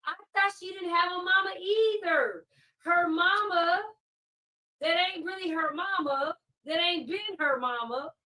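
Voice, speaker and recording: High, bright-voiced woman ranting on a livestream. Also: a little slow. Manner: fiery, repetitive ranting, rhetorical questions. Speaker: live-stream host. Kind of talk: heated live-stream commentary. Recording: distant mic.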